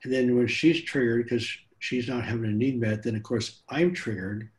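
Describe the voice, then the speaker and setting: A man's voice: mid-range voice, moderate pace. Male host chatting, curious n candid, regular mid voice. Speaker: podcast host. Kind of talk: podcast interview.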